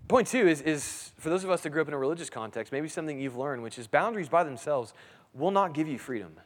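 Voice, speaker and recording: A man in his thirties preaching a sermon in a conversational way, restarting phrases and asking his listeners "right?". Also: on the high side. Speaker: pastor. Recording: long hall reverb.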